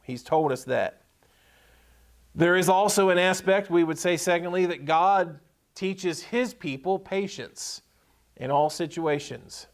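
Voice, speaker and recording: A man's voice: high-pitched, a little slow. A man preaching a sermon as pastor, reading scripture aloud and repeating key points with emphasis. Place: church sanctuary.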